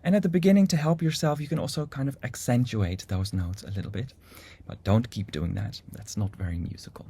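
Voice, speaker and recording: A man teaching a music improvisation lesson in a calm, explanatory way. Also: medium pitch, brisk, hardly any pauses, a little hiss or hum. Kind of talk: instructional video lesson.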